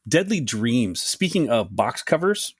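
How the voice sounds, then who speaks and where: A man co-hosting a podcast in casual chat, dry and wry, with short reactions that drop low. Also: very animated, a little slow, slightly rough, no echo. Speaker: podcast co-host.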